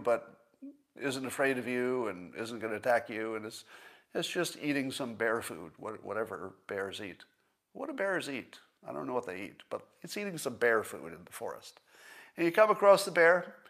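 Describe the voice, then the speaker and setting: A man hosting a livestream in a casual commentary style, thinking aloud and slowing down to stress his points. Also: medium pitch, fairly bright tone. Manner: conversational, thinks aloud with restarts and small laughs. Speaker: livestream host.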